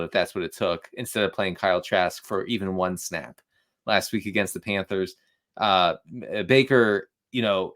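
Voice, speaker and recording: A man with a low voice gives casual football analysis. He talks steadily and leans on numbers to make his points. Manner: steady, stat-heavy, measured.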